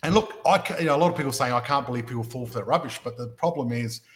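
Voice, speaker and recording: A man's voice: medium pitch, racing. An Australian man hosting a property-investment podcast, chatting casually and making his points through stories and rhetorical questions.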